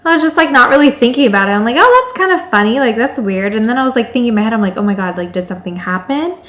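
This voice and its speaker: A young woman tells a story to camera in a casual, animated way, acting out the things she and others said. Her voice sits a bit high, and the room rings back with echo. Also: very fast. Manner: animated, acts out quoted lines. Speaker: vlogger telling engagement story. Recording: echoey room.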